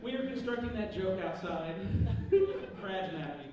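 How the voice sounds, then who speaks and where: A man's voice: high voice, big pitch swings, moderate pace, crowd noise. A man telling comic stories to a live audience at a convention panel, mocking himself and acting out quoted dialogue. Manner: joking, self-mocking, acts out quoted dialogue. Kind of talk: comedic storytelling to a live audience. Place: large convention panel hall. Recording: echoey hall from far off, noisy.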